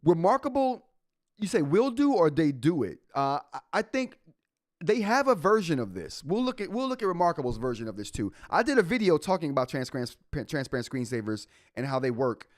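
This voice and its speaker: A man's voice: fairly high pitch, sing-song, brisk, no echo, studio quality. A man hosting a live tech show in a casual way, reading update notes aloud and reacting to the chat.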